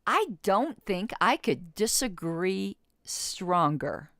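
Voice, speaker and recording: A woman's voice: lowish voice, very animated, slow pace, fairly bright tone, no room sound, clean studio sound. A woman in her fifties hosting a podcast, reading passages from an interview aloud and arguing back with blunt disagreement. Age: 50s. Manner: reads quotes then argues back with blunt disagreement. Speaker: podcast host.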